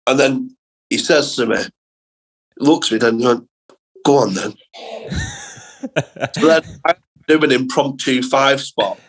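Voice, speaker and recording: A young man from England, a comedian guest telling sweary, animated school anecdotes in casual podcast chat. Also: medium pitch, unhurried, pauses often, low-quality recording.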